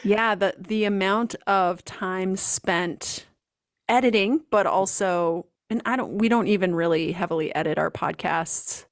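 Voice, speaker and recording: A woman co-hosting a podcast in casual chat, animated and chatty with plenty of filler words. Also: mid-range voice, measured pace, no echo, clean studio sound. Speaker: podcast co-host.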